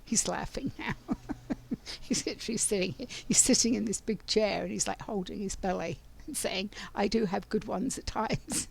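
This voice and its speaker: A woman's voice: medium pitch, vocal fry, husky. An older woman from London with a London English accent, giving a meandering spiritual talk full of ums and restarts. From London, England. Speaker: spiritual channeler.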